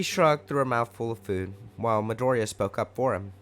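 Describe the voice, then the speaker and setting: Male storyteller, mid pitch, casual fanfic reading with wry asides. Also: moderate pace, few pauses, a bit bright, soft background music. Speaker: fanfic narrator.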